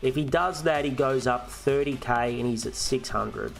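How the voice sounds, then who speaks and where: A man's voice: mid-range voice, moderate pace, gravelly, faint music behind. An Australian man hosting a fantasy football live stream, chatting casually and ranting and swearing, with frequent restarts.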